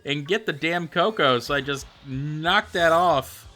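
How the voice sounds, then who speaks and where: A young man streaming a game, reading out viewer comments and answering them in a chatty, animated way. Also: fairly high pitch. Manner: chatty, animated, answers chat with quick excited reactions. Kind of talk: casual livestream chat reading viewer comments. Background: faint background music.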